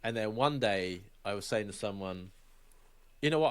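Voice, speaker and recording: A man's voice: fairly low pitch, lively intonation, moderate pace, clear, resonant tone. A young man co-hosting a podcast, telling stories in casual, sweary chat and laughing often. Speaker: podcast co-host.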